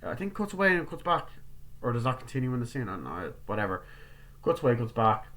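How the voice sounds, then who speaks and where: A man's voice: mid-range voice, very animated, quick pace, a bit bright. A young man giving a casual, rambling movie review, swearing freely and acting out scenes as he retells them. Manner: rambling, profane, acts out scenes in quoted voices.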